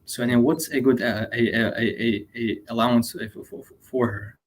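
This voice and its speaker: A man's voice: mid-range voice, steady tone, brisk. A man in his twenties from Lebanon calling in with a question, hesitating and repeating words often, with Arabic fillers mixed in. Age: 20s. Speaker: caller. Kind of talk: call-in question.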